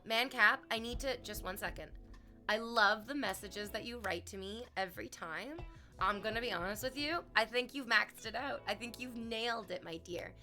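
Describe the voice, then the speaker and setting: A young Canadian woman tells a story to her viewers in a casual livestream chat. Her mid-range voice is bright and forward, and she uses playful, exaggerated voices when quoting people. Faint music plays in the background.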